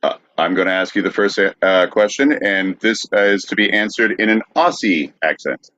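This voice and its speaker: A man's voice: low voice, moderate pace, bright, forceful tone, dry recording, lo-fi sound. A man hosting a podcast livestream who stays patient and apologetic while he troubleshoots the audio. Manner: apologetic, patient under insults. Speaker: podcast host.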